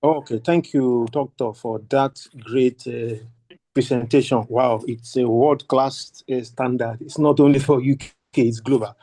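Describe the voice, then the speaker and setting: A man's voice: medium pitch, steady tone, dark tone. A middle-aged man with a Nigerian accent, politely thanking the speaker and asking a long question in an online workshop. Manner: polite, effusive thanks, halting restarts. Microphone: video call.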